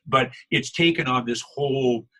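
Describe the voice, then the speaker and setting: An older male voice actor chatting in an interview, animated, laughing often and acting out quotes. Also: mid-range voice, normal speed, husky. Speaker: voice actor guest. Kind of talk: casual interview chat.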